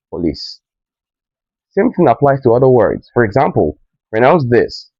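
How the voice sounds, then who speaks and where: A man teaching pronunciation in a slow lesson, stressing each example word. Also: medium pitch, big pitch swings, no room sound, muffled recording. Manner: emphatic, drawn-out example words.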